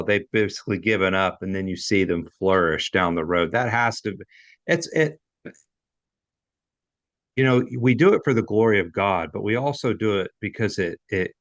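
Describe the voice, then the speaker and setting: With a deep voice and no echo around him, a man hosts a podcast interview in a conversational style. He asks long questions that are candid and rambling.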